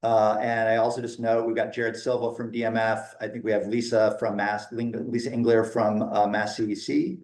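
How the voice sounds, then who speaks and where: A man's voice: fairly low pitch, little pitch movement, normal speed, few pauses, a little mellow. Man chairing a meeting in an echoey room. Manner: informal, joking, loose and friendly. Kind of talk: chairing a hybrid public meeting.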